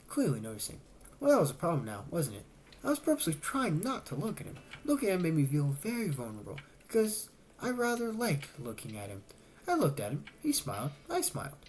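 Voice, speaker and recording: Woman, storybook narrator, low-pitched, very lively intonation, faint background hiss. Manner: lively storytelling with voiced dialogue. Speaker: narrator reading a book aloud. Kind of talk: audiobook-style reading.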